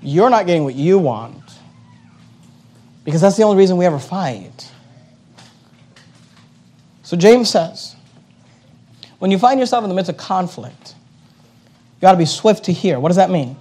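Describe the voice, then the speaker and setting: A male pastor with a notably high voice delivers a sermon. He drives his points with repetition and rhetorical questions. He slows right down to read the scripture verses. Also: lively intonation, warm tone. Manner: reads scripture slowly and deliberately.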